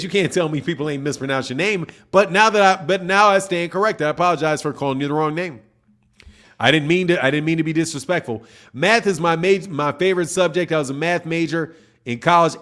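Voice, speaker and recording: Speaking a little fast, with a fairly high pitch and a fairly bright tone, the middle-aged boxing channel host works through his live chat. He keeps it loose and slangy, bantering with the comments on a casual stream.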